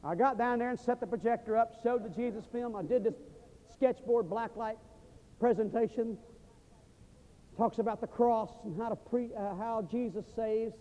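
An American man preaching at a seminary chapel, telling a mission story and praying with emphatic swings from loud to hushed. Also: very high voice, steady tone, moderate pace, muffled recording. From United States. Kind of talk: sermon with storytelling and prayer. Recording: long reverb of a large hall.

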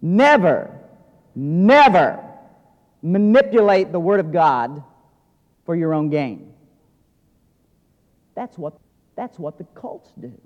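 A male pastor preaches earnestly in a notably high voice, swinging from loud emphasis to hushed intensity. His sermon carries a long reverb through a large hall. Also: very animated, slow pace, pauses often, muffled recording.

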